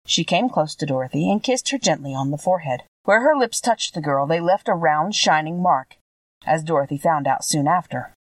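A woman's voice: deep voice, lively intonation, normal speed, no echo, far from the mic. A woman narrating a classic children's story, reading expressively.

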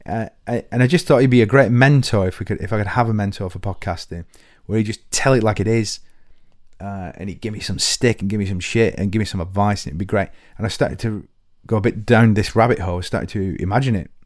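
A man's voice: fairly low pitch, fast talker, dry recording, studio quality. Rambling self-deprecating man. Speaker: podcast host. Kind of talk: comic monologue to listeners.

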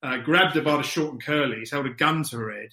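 A man's voice: mid-range voice, brisk, pushed and bright, reverberant. A man co-hosting a casual chat podcast, sardonic and joking as he rambles through tangents. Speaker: podcast co-host.

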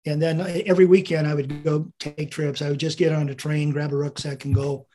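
A man's voice: a little high, flat delivery, fairly quick, warm tone. An American man in his seventies, a veteran guest in an interview, telling rambling anecdotes with chuckles and quoted dialogue. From United States. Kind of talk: storytelling interview.

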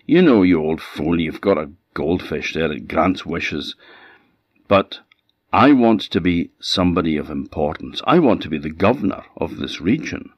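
A man's voice: low voice, very animated, normal speed, breathy edge, no echo, heavily acted. A man with an Orkney accent voicing a furious, greedy old peasant wife who shrilly scolds her husband. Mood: scornful. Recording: dull lo-fi sound.

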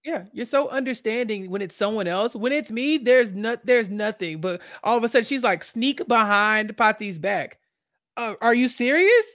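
A woman co-hosting a casual podcast, reacting with expressive, mock-indignant commentary. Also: a little high, a little fast, hardly any pauses, dry recording, clean studio sound. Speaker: podcast co-host. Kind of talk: casual chat.

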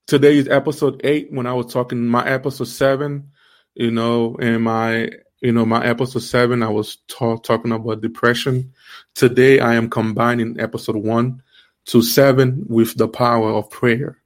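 A man with an accent hosting an online faith series, preaching in an emphatic way with repeated rhetorical questions and halting restarts. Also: little pitch movement. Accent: non-native accent. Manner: halting restarts, rising pitch when stressing. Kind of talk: livestream preaching.

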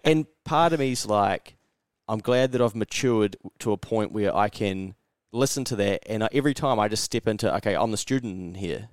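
A man's voice: fairly low pitch, moderate pace, smooth, dry recording, studio quality. A man with a New Zealand accent, co-hosting a podcast and telling stories in casual chat, swearing freely and acting out the people he quotes. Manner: animated storyteller, swears freely, acts out quoted voices. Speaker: podcast co-host.

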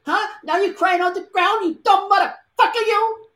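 A man putting on an explosive, foul-mouthed male film gangster, shouting high and loud. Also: fairly even intonation, normal speed. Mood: furious. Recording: roomy with faint background noise.

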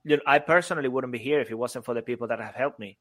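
A man co-hosting a podcast, with a bright, forward voice at a middle pitch. He is effusive and enthusiastic, heaping praise on his guest. The talk stays loose and chatty. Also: rapid-fire, dry recording. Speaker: podcast co-host. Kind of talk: casual podcast chat.

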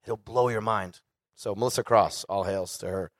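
A man's voice: on the low side, fairly even intonation, normal speed, no room sound, studio quality. A man in his forties, a singer, telling a candid and profane story casually to a live audience. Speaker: guest singer.

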